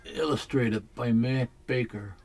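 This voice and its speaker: A man chatting casually while unboxing comics at home, rambling and halting, with the odd swear word. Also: medium pitch, vocal fry, a little mellow. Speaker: comics collector vlogger.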